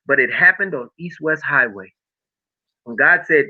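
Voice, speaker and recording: A man's voice: on the high side, normal speed. A middle-aged man telling a personal story of faith and healing in a podcast conversation, emotional and preacher-like. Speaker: podcast guest. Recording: tinny phone-like audio.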